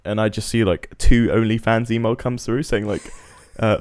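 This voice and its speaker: A man's voice: lowish voice, steady tone, normal speed, few pauses, noisy background. Rambling young man on a podcast. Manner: laughing, rambling storytelling. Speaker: podcast co-host. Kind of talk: casual chat. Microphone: video call.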